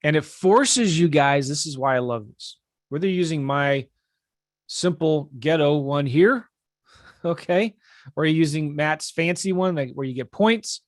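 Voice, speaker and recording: A man's voice: a little high, dry recording, clean studio sound. A man teaching real estate investing on a live webinar, talking casually and energetically while he shares his screen. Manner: casual, energetic, talks straight to viewers.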